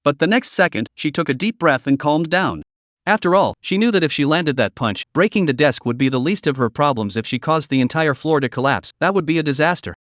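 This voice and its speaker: A man's voice: a little high, lively intonation, brisk, a bit bright, no echo, studio quality. A man narrating a comic recap with a scripted, dramatic storytelling delivery.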